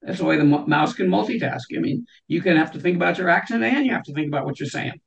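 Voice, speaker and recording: A woman's voice: lowish voice, expressive, fast, creaky, dull audio. A woman speaking as a guest in a conversational interview, reflective and explaining her ideas through everyday examples. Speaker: guest on a leadership talk show.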